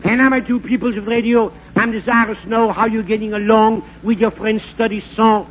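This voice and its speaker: An actor playing a bumbling fake French professor, in rambling, stammering comic patter for a 1940s radio comedy. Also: male voice, high-pitched, fairly even intonation, fairly quick, close to an everyday voice. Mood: mock-lecturing. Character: bumbling fake French professor, fast-talking huckster man. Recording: narrow-band scratchy 1940s radio broadcast.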